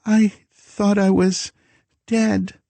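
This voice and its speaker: A man voicing a frightened, confused young woman in an audiobook, soft and pleading. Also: extremely high pitch, flat delivery, extremely slow, dry recording, pitched above the performer's own voice, heavily acted. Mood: terrified.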